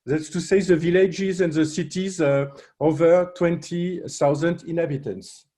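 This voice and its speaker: A man with a French accent presenting at a roundtable, pausing often with fillers and restarts. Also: on the high side, dark tone. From France. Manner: hesitant, many fillers and restarts. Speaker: panel speaker, researcher.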